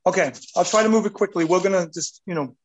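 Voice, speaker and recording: Animated man in his fifties. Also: high voice, fast talker, low-quality recording. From United States. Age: 50s. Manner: animated, rambling, self-deprecating. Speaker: artist guest. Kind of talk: casual interview chat.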